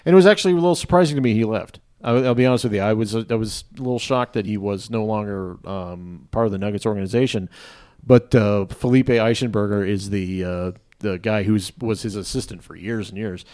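A man talking as a guest on a sports podcast, rambling and animated, with many restarts. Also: on the low side, brisk. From Denver area. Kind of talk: casual podcast chat.

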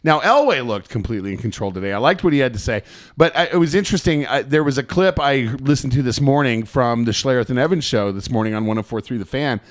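A man co-hosting a sports podcast from Colorado, tossing off wry, sarcastic remarks. His pitch swings up and down lively as he tells the story. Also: fast. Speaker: podcast co-host. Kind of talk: casual sports chat.

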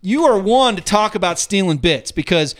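A man's voice: high-pitched, animated, normal speed. A man co-hosting a casual sports podcast, telling rambling, profane stories with lots of restarts. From Denver area. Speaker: podcast co-host. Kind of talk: casual chat.

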